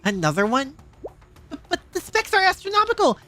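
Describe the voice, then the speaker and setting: A woman's voice: very high-pitched, huge pitch swings, brisk, fairly bright tone, faint music behind, voice pushed up, heavily acted. A woman voicing a shy, stammering engineer girl who is obsessed with machines, reading a game scene. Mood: eager. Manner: stammering, nervous.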